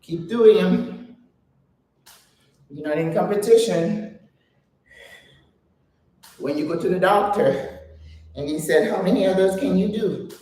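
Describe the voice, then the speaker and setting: A woman's voice: fairly low pitch, slow pace, long pauses, warm tone. Winded older woman coaching a workout. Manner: chatty, coaching, counts reps aloud. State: out of breath. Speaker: exercise vlogger. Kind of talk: guided home workout chat. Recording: very echoey room, voice from a distance.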